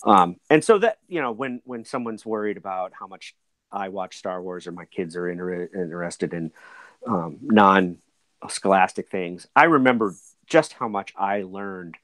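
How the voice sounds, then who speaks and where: A man's voice: low voice, animated, unhurried, a bit bright, dry recording. A man in his forties, a podcast guest, talking in a rambling way with many restarts and fillers. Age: 40s. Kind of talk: casual conversational interview.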